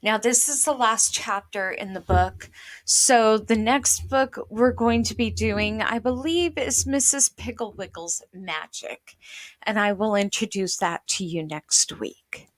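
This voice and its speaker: A woman reading a children's book aloud in a slow, careful way, stopping to explain words for young listeners. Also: mid-range voice, no echo.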